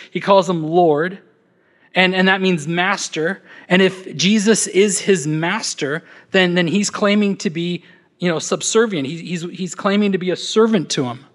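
A man with a high voice preaching a casual, conversational sermon. He stumbles over and repeats small words as he talks. He dramatizes quoted speech, speeding up and slowing down. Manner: acts out quoted speech with shifts in pace.

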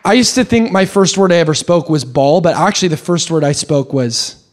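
There's some chatter in the background as a young pastor gives a spirited sermon in a somewhat high voice, full of quick restarts and questions aimed at the congregation.

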